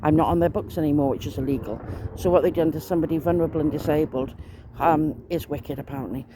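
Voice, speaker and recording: A woman's voice: low voice, fast talker, background noise. A woman, rambling in a casual monologue to camera, chatty and aggrieved, swearing mildly as she complains. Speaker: vlogger.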